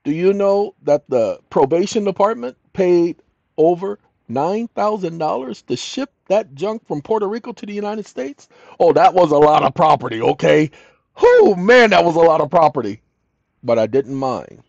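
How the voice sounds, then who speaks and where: A man's voice: a little high, animated, normal speed, gravelly, a little mellow, no room sound. An older man telling a story as a channel host, emphatic and repeating his key lines. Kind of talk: storytelling monologue. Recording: dull lo-fi audio.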